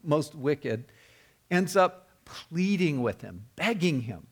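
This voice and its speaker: A man's voice: on the high side, sing-song, slow pace, husky. A man preaching a sermon, telling the story earnestly and often repeating or restarting his words. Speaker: pastor.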